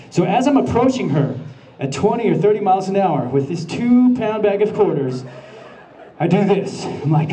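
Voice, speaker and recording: A man with a mellow voice that sits high tells a comic anecdote on a convention panel stage at normal speed, very animated as he plays out his own panic in quotes. The clip was filmed from the audience at a distance.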